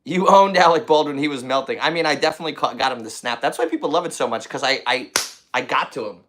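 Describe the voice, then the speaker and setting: A man's voice: medium pitch, fast talker, background noise. A man hosting a comedy podcast, rambling and boastful, repeating himself as he riffs. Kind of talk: casual comedy podcast chat.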